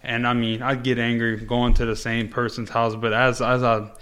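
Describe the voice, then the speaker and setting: A man hosts a relaxed, casual conversation. He rambles into stories with plenty of "uh" and "man" and swears freely. His voice sits at an ordinary middle pitch. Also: moderate pace. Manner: laid-back storyteller, frequent fillers and profanity. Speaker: podcast host, former paramedic.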